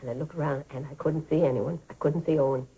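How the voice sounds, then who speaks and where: An elderly woman telling children an old family story. Her voice is low, dark and husky. She lingers on the story with sighs and feeling. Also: steady tone, fast talker, exaggerated voice, rough recording. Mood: warm reminiscing. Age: older. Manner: fond, vivid storytelling with sighs. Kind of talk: 1980s radio drama.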